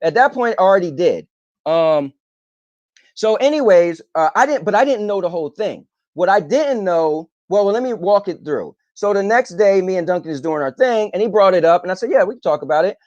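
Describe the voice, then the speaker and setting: Casting: male podcast host, rambling storyteller, fairly high voice, dry dull lo-fi mic. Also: fairly quick, no echo. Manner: rambling, animated retelling with filler ums. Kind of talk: casual storytelling monologue.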